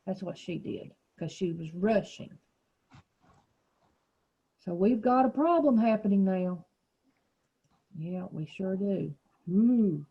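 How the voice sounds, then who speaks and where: A slightly husky woman leads a small reading group in a classroom. She guides and encourages the children patiently. The classroom recording sounds dull and lo-fi. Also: mid-range voice, lively intonation, takes it slowly, pauses often, warm tone. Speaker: teacher.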